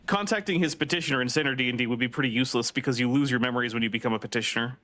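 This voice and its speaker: A man's voice: medium pitch, rapid-fire, sharp tone. A man playing a tabletop game, explaining game rules in detail. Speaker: player. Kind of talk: casual tabletop game chat.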